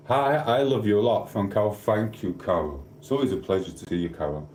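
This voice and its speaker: A man with a South Yorkshire accent chats casually on his live stream, reading viewers' comments aloud and teasing them playfully. His voice sits a little low, and it rings in an echoey room over a faint hum. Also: fairly quick, a little mellow. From Sheffield, England. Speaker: livestream host.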